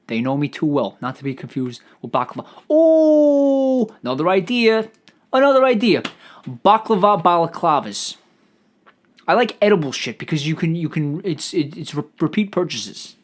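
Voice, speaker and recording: Man, podcast host, slightly high voice, profane, stammering, rambling riffs. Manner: profane, stammering, riffing on ideas aloud. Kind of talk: rambling solo comedic podcast.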